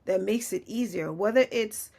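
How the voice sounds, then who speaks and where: Speaking at a moderate pace, a podcast host with a mid-range, darkish-toned voice keeps things conversational. She laughs a lot and leans heavily on "you know" as filler in her chatty delivery.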